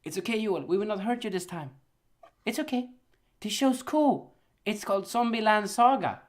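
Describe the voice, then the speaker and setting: A man's voice: sits high, expressive, normal speed, pitched above the performer's own voice. Man doing a mock-French anime studio, sly, coaxing, sing-song, falsely soothing.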